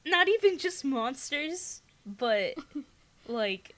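A young woman co-hosting a podcast, reading a scary story aloud in a laid-back, unhurried way, and chatting casually. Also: high voice, big pitch swings, a bit bright, rough recording. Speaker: podcast co-host.

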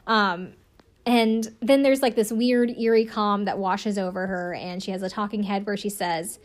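A woman's voice: medium pitch, fairly even intonation, moderate pace. A woman casually recapping a reality TV episode, chatty and profane, filling her talk with "like" and laughing often. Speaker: show recapper.

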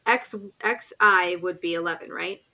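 A woman's voice: on the low side, moderate pace, bright, forceful tone. A woman co-hosting a gaming podcast in casual chat, rambling and correcting herself as she goes, laughing easily. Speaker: podcast co-host.

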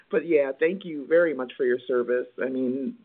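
A man hosting a casual interview in a relaxed, friendly way that sounds like a conversation. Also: medium pitch, moderate pace, phone-quality sound. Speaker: interviewer, host.

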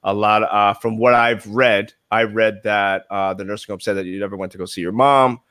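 A man's voice: fairly low pitch, steady tone, normal speed, fairly bright tone, clear, resonant tone. A man with a Brooklyn accent hosting a casual podcast interview, asking questions hesitantly with many fillers. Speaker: podcast host.

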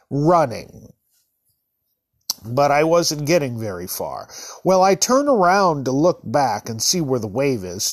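A man hosting his own podcast, telling self-deprecating comic stories in an animated, drawn-out way. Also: a little high. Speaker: podcast host. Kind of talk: comedic storytelling.

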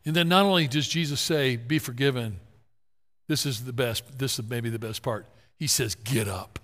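A male pastor preaching a sermon, dropping low and quiet for stories and then rising into loud, rallying calls to get up. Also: moderate pace. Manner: swings from hushed storytelling to loud rallying calls. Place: large church hall. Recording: long hall reverb.

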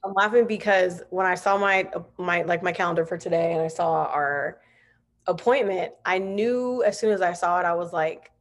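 A woman's voice: fairly low pitch, normal speed. A woman hosting a podcast over a video call, chatty and laughing, full of "like" fillers. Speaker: podcast host. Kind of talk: casual video-call interview.

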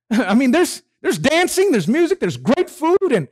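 A man preaching, voicing a joyful older father gently coaxing his son. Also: high voice, slow pace, breathy edge, voice pushed up, heavily acted. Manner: coaxing, excited.

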